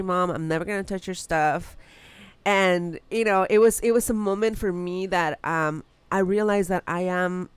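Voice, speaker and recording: A woman's voice: on the low side, smooth, no room sound. A mother in casual chat, telling a personal story in an earnest, reflective way, recorded on a close mic.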